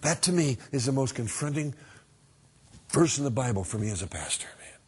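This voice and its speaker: A middle-aged man preaching a sermon as a pastor, earnest and conversational, swinging between emphatic lines and hushed ones. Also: mid-range voice, lively intonation, a little fast, slightly rough.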